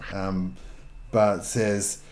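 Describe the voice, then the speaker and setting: A man narrating a tabletop game as game master, halting with fillers and restarts. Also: deep voice, level tone, darkish tone.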